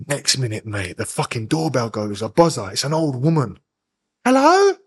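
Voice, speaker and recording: A man's voice: medium pitch, animated, a little fast, slightly rough. A man, a podcast guest telling a hard personal story in blunt, profane street slang. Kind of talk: candid storytelling interview.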